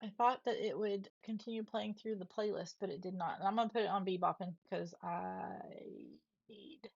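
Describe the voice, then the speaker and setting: Woman streamer, casual home-office chat, soft and slightly husky, lo-fi dry mic. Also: mid-range voice, steady tone, moderate pace, dry recording. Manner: chatty, soft-spoken, talks to her pets, laughs often.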